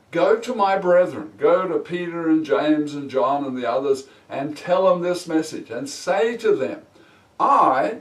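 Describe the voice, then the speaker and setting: A man teaching a Bible lesson as a sermon, slow and emphatic, stretching key words for weight. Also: fairly high pitch, a little mellow. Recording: echoey room, mic at a distance.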